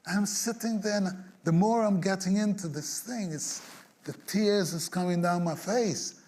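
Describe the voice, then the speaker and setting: A man, a songwriter being interviewed, telling an anecdote in an animated way, acting out the scenes, humming bits of tunes and chuckling along. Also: high-pitched, measured pace. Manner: animated storyteller who acts out scenes and hums tunes; chuckles through his stories. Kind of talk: storytelling anecdote.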